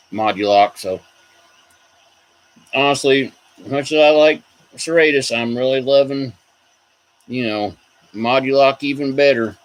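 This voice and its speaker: Over poor-quality audio, a man with a voice on the low side chats casually in his video as a toy collector host. He rambles about collectible figures and responds to comments from viewers.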